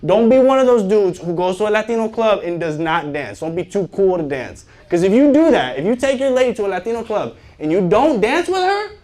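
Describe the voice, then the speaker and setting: A man doing a stand-up comedy set on stage, animated and joking, often laughing at his own lines. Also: high-pitched, brisk, few pauses. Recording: noisy live stand-up recording.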